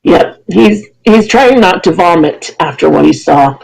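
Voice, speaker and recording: Gravelly dungeon master. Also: medium pitch, animated, darkish tone, low-quality recording. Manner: halting, self-correcting narration. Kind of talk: narrating a tabletop game.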